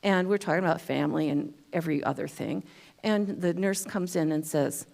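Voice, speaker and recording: A woman's voice: low voice, normal speed, vocal fry, darkish tone. A woman giving a talk at a spiritual center, telling a personal story in a chatty way with self-deprecating humor. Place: church hall.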